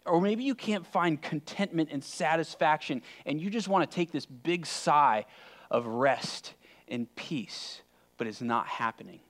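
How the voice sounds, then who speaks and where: A man preaching a sermon in a conversational, emphatic way, often dropping suddenly to a quiet voice. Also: on the high side, unhurried. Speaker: pastor.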